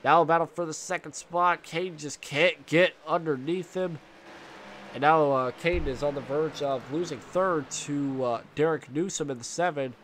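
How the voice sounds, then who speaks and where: A man's voice: on the high side, normal speed. A young man with a stuffy, congested voice doing play-by-play commentary of a sim race, rambling with fillers and restarts and jumping up at the close moments. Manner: rambling with fillers and restarts, excited bursts at contact. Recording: faint engine noise behind.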